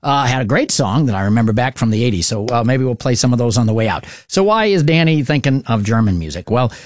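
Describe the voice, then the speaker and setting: A man hosting a morning radio talk show in a relaxed, chatty way. He moves easily from plans for the hour to questions for his guests. His voice sits in an ordinary middle pitch, dry and close to the microphone. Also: quick pace, dry recording.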